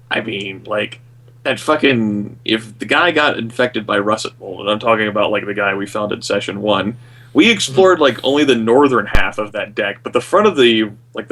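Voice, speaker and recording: A man's voice: on the low side, fairly bright tone. A man playing a tabletop game, chatting casually and rambling with lots of filler words and swearing. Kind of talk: casual out-of-character table talk.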